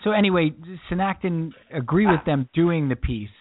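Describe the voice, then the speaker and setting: A man's voice: fairly high pitch, expressive, normal speed, slight background noise. A man co-hosting a podcast, telling a story in casual chat with lots of restarts. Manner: rambling storyteller with many restarts. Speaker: podcast co-host. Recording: dry phone-like lo-fi sound.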